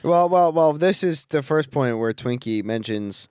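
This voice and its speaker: A man co-hosting a podcast, chatting about a film with quick jokey interjections. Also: on the high side, lively intonation, a little mellow, smooth, no room sound, clean studio sound. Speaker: podcast co-host. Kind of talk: casual movie recap chat.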